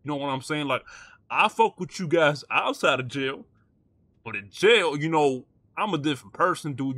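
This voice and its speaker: A man's voice: fairly high pitch, animated, normal speed, fairly bright tone, husky. A man role-playing a prison gang boss in game voice chat, talking brash street slang and barking orders.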